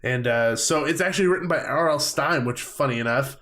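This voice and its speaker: A young man co-hosting a casual podcast, chatty and quick to laugh, often stumbling over his words. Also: mid-range voice, sharp tone. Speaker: podcast co-host.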